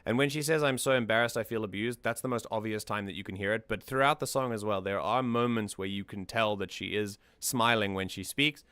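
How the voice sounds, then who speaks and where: A man's voice: lowish voice, fairly quick, hardly any pauses, fairly bright tone, clean tone, no room sound. A man hosting a music analysis stream, talking things through in a thoughtful, casual way and often repeating words as he thinks.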